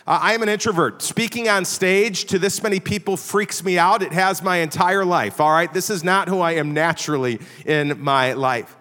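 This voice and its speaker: A middle-aged preacher from the Chicago area speaks at normal speed with a high, sharp voice and hardly any pauses. His storytelling sermon is conversational and self-deprecating, often adding "all right?", and carries the long reverb of a big hall.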